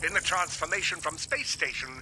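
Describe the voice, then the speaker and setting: An actor playing a precise, pedantic robot scientist who speaks in formal, careful language. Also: male voice, on the high side, fairly quick, noisy background, natural voice. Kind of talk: video game voice acting.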